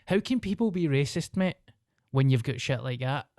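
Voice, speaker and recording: A man with a Glasgow accent hosts a podcast, talking in a sweary, self-mocking, laughing way. His voice sits at a middling pitch and is recorded close and dry, with no room sound. He sounds like a man in his thirties. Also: expressive, normal speed, darkish tone, no room sound. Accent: Scottish, Glasgow. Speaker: podcast host. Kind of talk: casual podcast chat.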